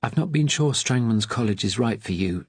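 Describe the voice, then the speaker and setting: A man's voice: on the low side, expressive, normal speed, husky, no room sound, pitched above the performer's own voice. A man doing an anxious fussing mother. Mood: worried. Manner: worried, fussing.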